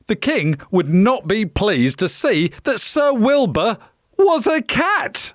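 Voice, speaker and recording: A woman reading a children's picture book aloud in an expressive storytelling manner. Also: a little high, takes it slowly, no room sound, studio quality.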